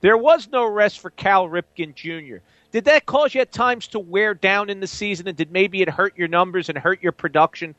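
A man's voice: sits high, normal speed, a bit bright, dry recording, highs cut off. A man hosting a sports radio talk show, conversational as he leads into questions. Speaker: radio host.

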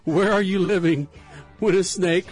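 High-voiced playful man radio host. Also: steady tone, unhurried, darkish tone, soft background music. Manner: playful, reads news items with laughter. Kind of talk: casual radio banter.

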